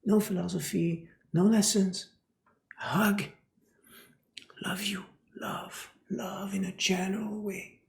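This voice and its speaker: A man teaches about spiritual matters at an unhurried, deliberate pace. His voice has a gravelly, creaky texture, and he often sinks to a near whisper for emphasis. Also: high-pitched, level tone, echoey room. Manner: slow, often drops into a whisper.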